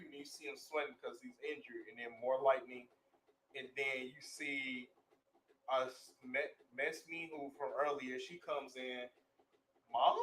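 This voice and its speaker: Animated man acting out a comic. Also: mid-range voice, measured pace. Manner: excitable, breaks into laughter and acts out characters. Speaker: comic reader. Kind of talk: reading a comic aloud with voices. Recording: echoey room with faint background noise.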